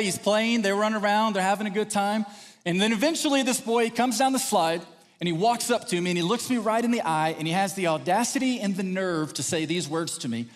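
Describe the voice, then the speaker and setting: Pastor from Texas, male, fairly high voice, animated sermon storyteller, long hall reverb. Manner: animated, acts out quotes in raised voice.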